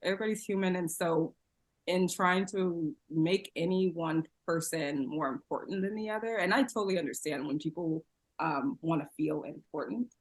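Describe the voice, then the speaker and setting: Low, husky-voiced woman chatting with laughs. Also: moderate pace. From San Diego, USA. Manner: chatty, laughs often, many fillers. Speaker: podcast guest. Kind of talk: casual interview conversation.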